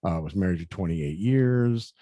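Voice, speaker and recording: A man in his fifties telling a personal story in an interview, earnest and halting, often repeating words and saying "you know". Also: sits low, lively intonation, dark tone, no room sound. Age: 50s. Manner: earnest, confessional. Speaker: interview guest.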